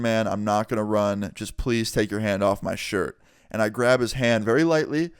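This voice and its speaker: Young man, storytime vlog, casual, profane, mid pitch, dry sound. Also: dry recording. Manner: casual, profane, animated retelling. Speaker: vlogger.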